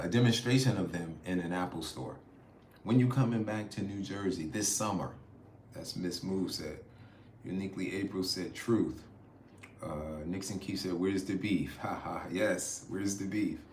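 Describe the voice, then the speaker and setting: Middle-aged American man, low-voiced, easygoing, reads chat aloud and laughs a lot, echoey phone livestream with faint street noise. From United States. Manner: laid-back, chatty, laughs often, says "y'all". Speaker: travel vlogger reading live chat. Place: outdoors in a city.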